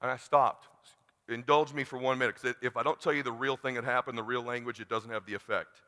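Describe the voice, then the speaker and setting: Man, middle-aged, keynote speaker, animated storytelling, sharp bright tone, long hall reverb. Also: medium pitch, quick pace. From California, USA. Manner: animated, blunt and profane, acts out dialogue. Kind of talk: motivational talk with personal storytelling. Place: large conference hall.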